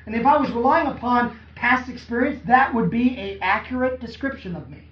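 A very high-pitched man preaches briskly to a congregation, often asking questions that get replies in call-and-response fashion. The sound from the church hall is echoey, dull, and distant, with slight background noise.

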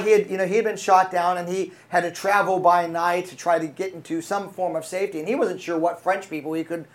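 A preacher delivering a sermon, telling a story with frequent fillers and restarts and calling out to the congregation for responses. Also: mid-range voice.

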